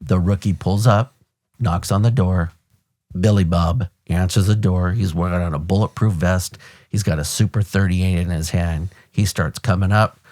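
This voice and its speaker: Deep-voiced American man telling a police story. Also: moderate pace. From United States. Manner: animated, blunt, swears casually, acts out sounds. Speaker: podcast host, retired police officer. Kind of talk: conversational storytelling.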